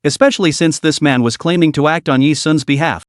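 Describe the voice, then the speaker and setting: A man's voice: a little high, fairly quick, no room sound, studio quality. A man narrating a story recap in a scripted, dramatic storytelling manner.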